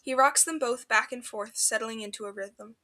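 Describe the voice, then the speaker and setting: Woman reading fanfic out loud, expressive, really bright voice, a bit high. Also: normal speed. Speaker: fanfiction podcast reader. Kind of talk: storybook narration.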